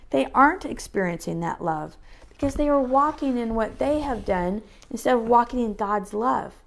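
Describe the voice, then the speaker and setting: A woman reading a Christian devotional book aloud in an earnest, measured way. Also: mid-range voice, vocal fry.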